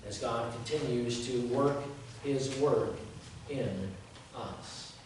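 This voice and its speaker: A man's voice: medium pitch, takes it slowly. A man in his fifties, a pastor giving a conversational sermon, folksy and joking, often asking the congregation rhetorical questions. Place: church sanctuary. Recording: very echoey church from a distance, faint noise.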